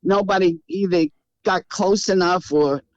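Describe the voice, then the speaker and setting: A woman's voice: lowish voice, fairly even intonation, a little slow, a little mellow, no room sound, dull audio. A woman in her eighties with a Brooklyn accent, speaking as a guest in a casual interview from her house. She talks in a brassy, wisecracking, blunt way. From Brooklyn, New York. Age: 80s. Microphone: remote call.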